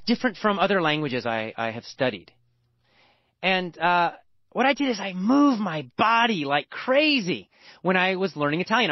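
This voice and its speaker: An American man with a fairly high voice teaches a language lesson by telling a personal story, speaking emphatically and repeating words for stress. The recording is dull, lo-fi and dry, with no room sound.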